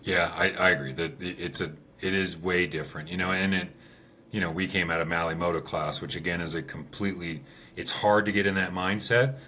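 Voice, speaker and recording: A deep-voiced man recounts desert rally stories in a relaxed, meandering way, leaning on "you know" and "right". His tone is bright and forceful. A faint noise sits under the voice. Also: a little fast. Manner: relaxed storyteller, many fillers like "you know". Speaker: former rally racer and guest. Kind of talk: casual conversation.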